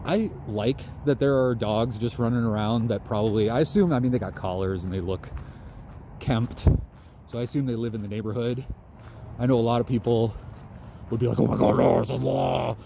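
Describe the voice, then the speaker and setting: A man's voice: medium pitch, normal speed, background noise. A man vlogging outdoors in a park, musing in a loose, conversational way. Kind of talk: casual outdoor monologue.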